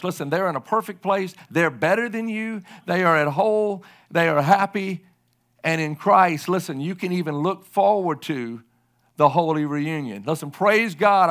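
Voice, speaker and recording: A man's voice: on the high side, fairly bright tone. A middle-aged man preaching a sermon as a pastor, emphatic and repeating his key lines to the congregation.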